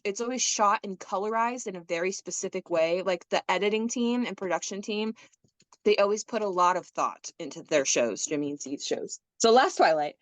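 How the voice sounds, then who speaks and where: A young woman with a medium-pitched voice co-hosts a casual podcast, chatting in an animated, rambling way. She laughs a lot and uses plenty of filler words. The recording is dry and close, with no room echo.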